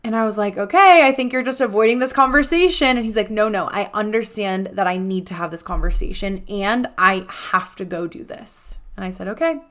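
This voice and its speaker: A young adult woman hosting a podcast, telling a personal story in a casual, animated way and acting out the dialogue with lots of "like.". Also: medium pitch, fairly quick, hardly any pauses. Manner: animated, acts out quoted dialogue, frequent "like". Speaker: podcast host.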